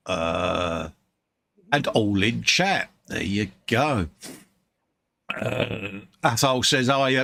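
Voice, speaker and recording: Gravelly, chatty British man hosting a stream. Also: medium pitch, bright, forceful tone. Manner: chatty, jokey, playful slang. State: tired. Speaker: livestream host. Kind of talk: casual chat. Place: hobby workbench room.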